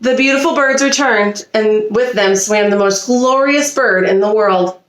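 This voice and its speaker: Expressive woman reading a storybook aloud. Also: mid-range voice, measured pace, echoey room. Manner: expressive, animated reading with small slips. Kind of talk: reading a picture book aloud. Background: a child nearby.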